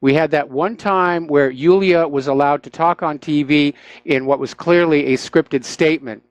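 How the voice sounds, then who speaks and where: A man's voice: fairly high pitch, normal speed, smooth, dry recording, lo-fi sound. A man hosting a talk radio show, giving opinionated, sarcastic commentary with frequent "uh" fillers into a studio microphone.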